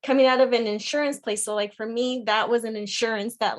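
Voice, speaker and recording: A woman's voice: on the high side, steady tone, brisk. A woman guest on a podcast call, sharing her personal story in a chatty, earnest way with lots of "like" fillers. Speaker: guest, program member. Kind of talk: casual personal testimony.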